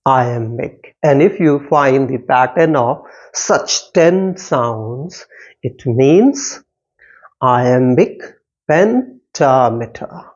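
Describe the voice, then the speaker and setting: A man teaching a poetry lesson, slowly repeating words and sounding out stressed and unstressed syllables. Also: mid-range voice, lively intonation. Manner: slow, repetitive, stressing syllables aloud. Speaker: English literature teacher. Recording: dull lo-fi sound.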